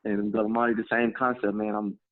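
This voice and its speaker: A man's voice: on the low side, little pitch movement, fast talker, dry recording. A man in his twenties telling stories in a casual interview, laid-back and chatty, peppering his talk with "man" and "you know". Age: 20s. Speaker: guest. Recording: phone-like narrow band.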